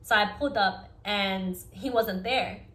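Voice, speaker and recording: A young adult woman telling a personal story on her vlog in an earnest, fast-flowing way, with lots of "like" fillers. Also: medium pitch, fairly bright tone. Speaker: vlogger. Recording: echoey room.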